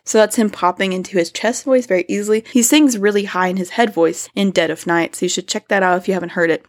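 A woman hosting a casual music review podcast, chatty, now and then singing short bits of melody. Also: a little high. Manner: chatty, sings and hums snippets of lyrics. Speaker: podcast host.

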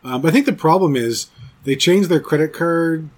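A man's voice: a little high, normal speed. A man in his forties from Canada, hosting a podcast in casual, rambling, jokey chat with some swearing. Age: 40s. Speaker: podcast host.

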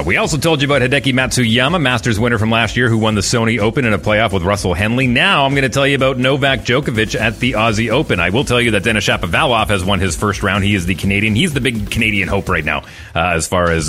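A man's voice: fairly low pitch, pushed and bright. A man hosting a morning radio show, giving a joking, teasing sports update.

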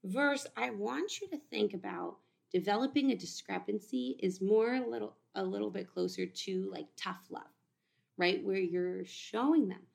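A woman's voice: medium pitch, moderate pace, gravelly. A woman dietitian tutoring students through exam practice questions, talking casually and acting out what students and patients might say. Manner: conversational, quotes students and patients in little voices.

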